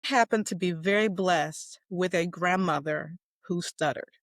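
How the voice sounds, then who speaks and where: A woman in her forties who stutters, telling her story as a guest in an interview with warm laughter and emphasis. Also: fairly low pitch, measured pace, no room sound. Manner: stutters with repeated sounds and words. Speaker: guest, educator.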